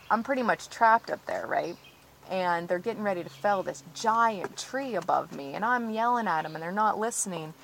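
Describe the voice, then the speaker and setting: Outdoors near the trees on her property, a tree-sit protester tells her story in an interview with plenty of fillers like "like" and "you know." Her fairly low, fairly bright voice carries vocal fry, and she sounds earnest and agitated. It's a rough recording with some hiss or hum.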